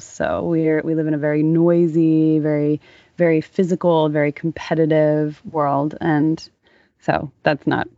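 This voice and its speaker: A woman's voice: sits low, a little mellow, dry recording, highs cut off. A woman hosting a podcast, talking earnestly and reflectively in casual chat. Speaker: podcast host.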